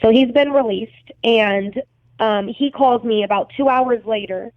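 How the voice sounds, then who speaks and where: A woman's voice: on the high side, unhurried, no room sound. Agitated young woman, cussing a lot, dry tinny line, no room sound. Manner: blunt, swears heavily, intense and agitated. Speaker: podcast guest recounting events. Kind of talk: emotional storytelling interview.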